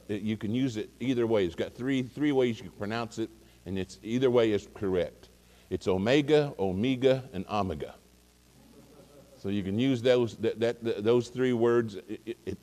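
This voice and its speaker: Rambling preacher in a reverberant hall. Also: male voice, on the low side, dark tone. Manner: rambling, folksy, many fillers and restarts. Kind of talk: casual sermon anecdote.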